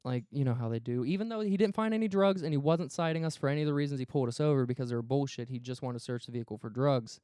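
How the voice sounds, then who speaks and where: A man's voice: mid-range voice, darkish tone, smooth, no room sound, clean studio sound. A man co-hosting a podcast, telling a story in a casual, profane way and acting out the quoted dialogue. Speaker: podcast co-host.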